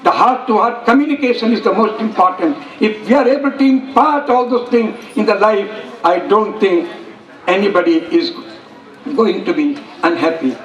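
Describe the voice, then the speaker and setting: A man's voice: high-pitched, animated, moderate pace, lo-fi sound. A man with an Indian English accent giving an earnest, emphatic public speech at a school function, repeating phrases for effect. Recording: echoey hall, voice from far off.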